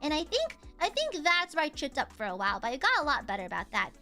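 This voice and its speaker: A woman's voice: high-pitched, huge pitch swings, quick pace, soft background music. A woman streamer chatting casually and playfully with her chat, a slight Southern accent, and a lingering cough. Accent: slight American Southern. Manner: playful, teasing, bursts into shouting.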